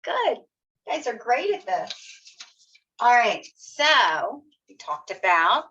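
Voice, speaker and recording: A woman teaching young children letter sounds in an online lesson, slow and encouraging, sounding out each letter. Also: on the high side, sing-song, a bit bright, breathy edge. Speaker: kindergarten teacher. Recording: slightly dull lo-fi video audio.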